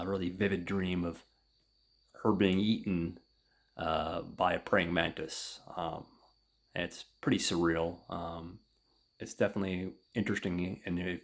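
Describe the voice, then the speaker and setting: A man hosting a podcast, recapping a comic book in a casual, halting way with many fillers. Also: sits low, vocal fry, a bit bright, slightly rough. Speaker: podcast host.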